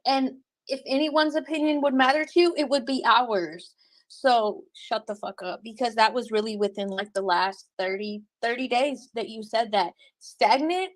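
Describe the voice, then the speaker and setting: A woman livestreaming and reading her chat, talking bluntly with lots of cursing and quick laughs. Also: on the high side, no room sound. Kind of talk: casual livestream commentary.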